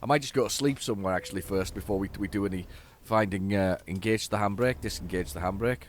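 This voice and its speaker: Recorded up close on a desk mic at home, a man hosts a let's play, rambling and chatting casually as he games. His fairly low voice moves fast, and there's a faint hiss or hum. The commentary is chatty and self-deprecating.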